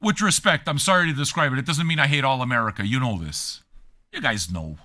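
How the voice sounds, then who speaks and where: A man's voice: medium pitch, animated, a little fast, pushed and bright. Crude, mocking man ranting at chat. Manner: mocking, combative and crude, with laughing jabs. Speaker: DJ and livestream host. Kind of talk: profane rant at chat viewers.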